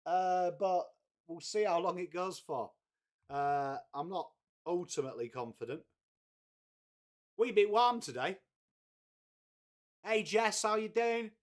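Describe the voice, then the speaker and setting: A chatty man hosts a live watchalong, his voice sitting a little higher than most men's. He swears freely and breaks off often to greet viewers by name. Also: expressive, takes it slowly, long pauses. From England. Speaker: live stream host. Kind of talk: casual live watchalong chat.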